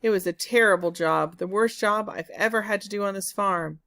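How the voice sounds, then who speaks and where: A woman's voice: medium pitch, normal speed, creaky, sharp tone. A woman reading a storybook aloud, voicing a young farm boy servant who grumbles and sounds puzzled. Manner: complaining, bewildered.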